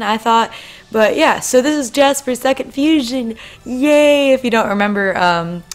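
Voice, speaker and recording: A young woman hosting an art channel, giving bubbly, rambling casual commentary on her drawing into a desk microphone, with plenty of ums and asides. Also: medium pitch.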